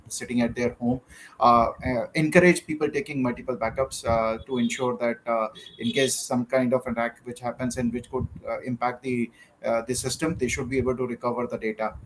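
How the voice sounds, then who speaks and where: A man's voice: mid-range voice, slight background noise, rough recording. A man, speaking as a panelist, hesitant and full of "uh"s. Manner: hesitant, many "uh" fillers. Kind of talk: panel discussion.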